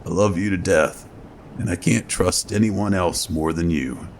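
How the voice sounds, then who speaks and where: A man doing a gruff, foul-mouthed soldier friend. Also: sits low, a little slow, a little hiss or hum. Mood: earnest. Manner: gruff and blunt. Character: blunt, foul-mouthed male soldier, weary best friend.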